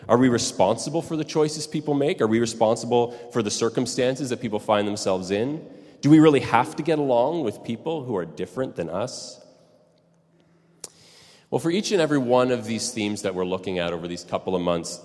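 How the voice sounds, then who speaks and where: A man's voice: on the low side, darkish tone, in a large hall. A man preaching a sermon as a pastor, opening with a chatty anecdote full of fillers. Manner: conversational storytelling, many fillers.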